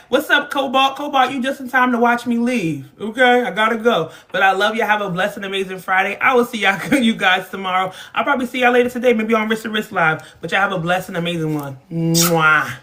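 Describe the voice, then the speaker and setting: A woman's voice: mid-range voice, brisk, hardly any pauses, pushed and bright. A woman from New Jersey with a Jersey accent, hosting a live stream in a chatty, upbeat way and laughing often. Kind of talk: casual live stream chat.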